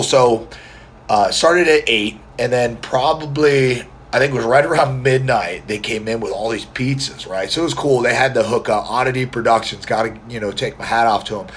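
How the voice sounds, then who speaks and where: A man with a scratchy, strained voice, chatting quietly and rambling in a casual vlog, filmed on a phone indoors. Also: mid-range voice. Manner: talking quietly to spare his voice; rambling, friendly, many fillers and restarts. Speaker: mustache vlogger.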